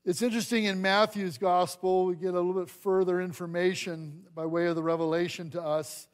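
A man's voice: sits high, flat delivery, fairly quick, clean tone. A man preaching a sermon as pastor, acting out the voices of the scripture scenes he reads. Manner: dramatic acting out of scripture dialogue.

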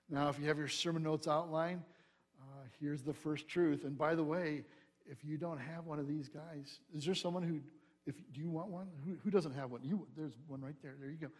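A male pastor delivering a sermon, praying softly at times and preaching with rising emphasis. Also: a little high, fairly even intonation, brisk. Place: church sanctuary.

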